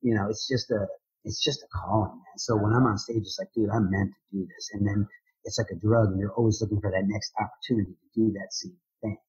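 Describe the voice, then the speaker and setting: A man, a drummer and motivational speaker, answering interview questions in an energetic, enthusiastic way. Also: on the low side, fast talker, husky, muffled recording.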